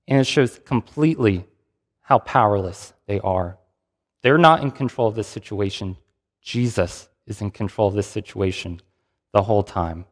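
A man's voice: medium pitch, lively intonation, moderate pace, in a large hall. A man preaching a sermon, reading scripture and retelling it in a conversational way with restarts.

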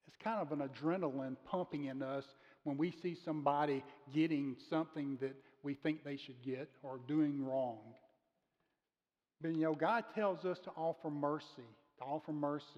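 A man preaching a sermon as pastor, speaking earnestly and slowing down to stress key words. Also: on the high side. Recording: muffled sound with long reverb of a large room.

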